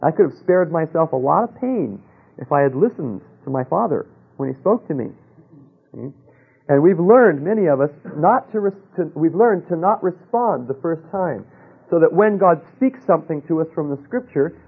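A man preaching a sermon, telling a personal story with rhetorical questions and dropping to a hush for quoted voices. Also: fairly high pitch, lively intonation, moderate pace, gravelly, slightly rough, phone-quality sound.

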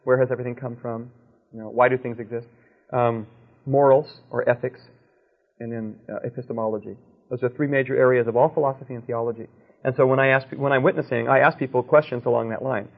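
A man's voice: medium pitch, fairly even intonation, quick pace, gravelly. Male preacher, storytelling teacher, tinny phone-quality recording. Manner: checks in with "okay?", tells anecdotes. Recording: narrow, tinny phone-like sound.

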